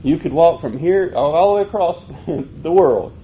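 A man preaching a folksy, animated sermon, chuckling as he tells stories. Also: moderate pace. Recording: muffled, low-fi with faint noise.

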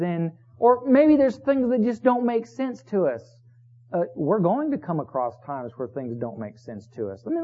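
Male pastor, sermon delivery, high lively voice, hushed then booming, lo-fi tinny phone-like sound. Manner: preaching, swinging from hushed to loud emphasis.

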